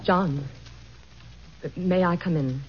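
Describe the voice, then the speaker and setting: An actress playing an anxious, devoted president's wife who talks earnestly and insists gently, in 1940s radio-acting style. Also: female voice, on the low side, slow pace. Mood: pleading. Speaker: First Lady. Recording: dull old radio recording with faint hiss.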